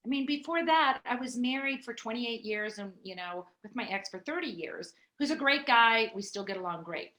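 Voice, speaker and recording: A middle-aged woman, a podcast guest, telling a personal story in a chatty, animated way with many fillers. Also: on the high side, moderate pace, few pauses. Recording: echoey room.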